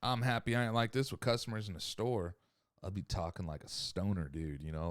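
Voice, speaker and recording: A man's voice: sits low, steady tone, brisk, no echo, clean studio sound. A man hosting a podcast in a casual, profane, rambling rant who sometimes loses his thread. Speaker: podcast host.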